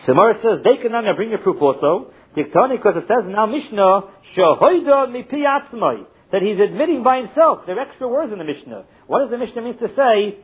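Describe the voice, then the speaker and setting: A man's voice: high voice, lively intonation, fairly quick, few pauses, slightly rough. A man teaching a Talmud lesson, reading short phrases and translating each one in turn with a chanting cadence. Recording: muffled phone-like recording.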